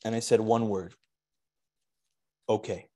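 A man telling a personal story on a video call in a lively storytelling manner, with frequent restarts and Yiddish words. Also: mid-range voice, moderate pace. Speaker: speaker at an online charity talk. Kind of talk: storytelling talk.

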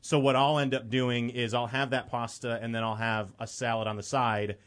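A man's voice: medium pitch, little pitch movement, moderate pace, a bit bright. A young man from the Chicago area, a guest on a talk show, telling a personal story in an earnest, rambling way with many fillers.

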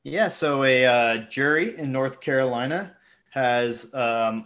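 A man's voice: mid-range voice, fairly bright tone. A young man co-hosting a casual podcast, teasing and crude, full of mock insults. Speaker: podcast co-host.

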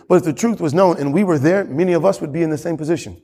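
Male pastor, high voice, fervent sermon delivery with lots of repetition, reverberant church hall. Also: racing, few pauses, warm tone. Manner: impassioned, repeats phrases for emphasis.

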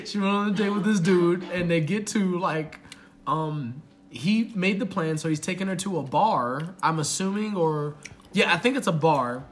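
A young man hosting a podcast, telling a story in a loose, animated way with heavy slang and swearing. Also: high voice, unhurried. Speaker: podcast host. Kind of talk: casual storytelling chat.

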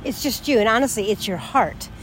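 A woman's voice: fairly high pitch, fairly quick, slight background noise. A woman co-hosting a spiritual discussion, thinking aloud in a reflective way and asking questions. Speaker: co-host.

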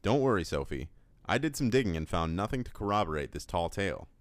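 A man's voice: low-pitched, very animated, fast, no echo. A man co-hosting a casual podcast, reading listener emails aloud in a dry, playful way. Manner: dry, playful delivery with frequent laughs.

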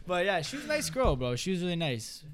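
A young man, a podcast guest telling a profane, animated story and quoting friends in put-on voices. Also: high voice, fast, over a noisy crowd. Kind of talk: casual storytelling chat.

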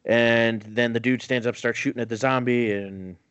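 A man's voice: mid-range voice, steady tone, normal speed, a bit bright, clear, resonant tone, no echo, highs cut off. Crude laughing man recapping a movie. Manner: crude, laughing, acts out characters' lines. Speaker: podcast host recapping a film. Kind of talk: casual comedic movie recap.

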